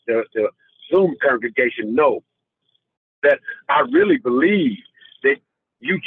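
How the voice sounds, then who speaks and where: A man calling in to an online fellowship and giving an earnest, halting testimony, getting emotional and near tears. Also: fairly high pitch, breathy edge, no room sound. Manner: earnest, halting, with many fillers and repeats. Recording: tinny phone line.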